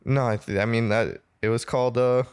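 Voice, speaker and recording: A man's voice: mid-range voice, fairly even intonation, a little fast, a little mellow, clean tone. A man hosting a casual podcast chat, making wry jokes at his guest. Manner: joking, wry. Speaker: podcast host.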